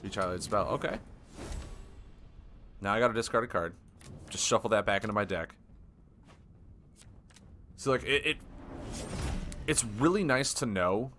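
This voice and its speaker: A man streaming a card game live, thinking aloud with excitable, self-deprecating commentary. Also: on the low side, normal speed, pauses often, soft background music.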